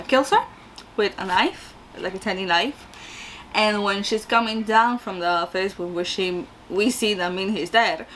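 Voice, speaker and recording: Woman, casual movie reviewer, mid-pitched, rambling delivery full of fillers, faint noise behind. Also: a bit bright, poor audio. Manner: rambling with frequent fillers and self-corrections. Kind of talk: casual plot recap.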